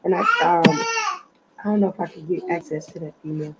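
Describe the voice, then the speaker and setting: A woman's voice: lowish voice, steady tone, brisk, heavy background noise. A middle-aged woman with a heavy voice, chatting casually from her apartment on a livestream, meandering with lots of fillers. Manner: chatty and meandering, with many fillers and lost trains of thought. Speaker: livestream host. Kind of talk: casual rambling chat. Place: apartment at home.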